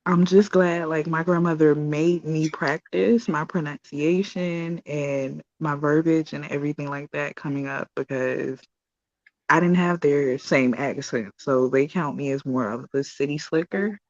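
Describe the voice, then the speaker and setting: A woman speaking as a guest in a casual chat, soft-spoken and deliberate. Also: deep voice, no room sound, highs cut off.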